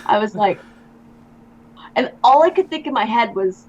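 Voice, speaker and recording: A woman's voice: fairly high pitch, animated, moderate pace, long pauses, lo-fi sound. A young woman guest in an interview, chatting casually and telling stories with many fillers. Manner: chatty storyteller, lots of likes and ums.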